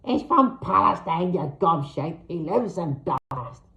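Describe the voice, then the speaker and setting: Man playing a toothless old hag of myth, husky and haunting, lilt, storybook reading. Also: animated, unhurried, heavily acted. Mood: shrill. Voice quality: raspy, low, husky, whistling through missing teeth. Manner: haunting whispers that turn into shrill yells. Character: toothless old hag, the Morrigan, eerie and crabby.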